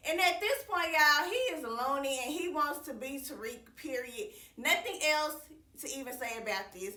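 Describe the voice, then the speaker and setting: A woman's voice: sits high, moderate pace, pushed and bright, roomy sound, recorded from a distance. A woman recapping a TV episode in casual, slangy chat, calling her viewers y'all and swearing freely. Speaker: TV recap reviewer.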